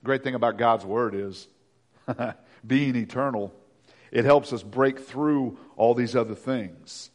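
A man's voice: medium pitch, lively intonation, slow. A man preaching a sermon in a conversational way, with joking asides. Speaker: pastor.

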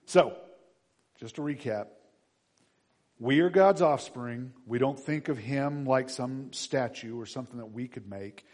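Husky-voiced man preaching conversationally. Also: medium pitch, unhurried, darkish tone. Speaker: pastor. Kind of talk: sermon.

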